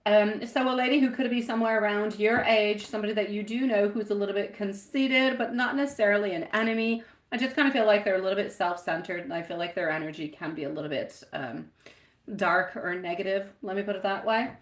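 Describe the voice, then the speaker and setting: A woman's voice: medium pitch, fast talker. A woman in her thirties giving a live-stream tarot reading, chatty and affectionate, calling viewers sweetie and my love.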